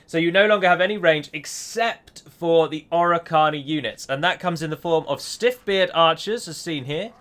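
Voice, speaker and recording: A man's voice: a little high, moderate pace, hardly any pauses, fairly bright tone. A man giving a chatty gameplay voice-over as a mod developer, often correcting himself as he explains.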